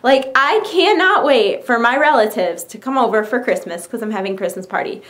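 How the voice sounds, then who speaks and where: A woman's voice: a little high, fairly quick, a bit bright. Gushing, bubbly young woman vlogger. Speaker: YouTuber. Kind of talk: casual product show-and-tell.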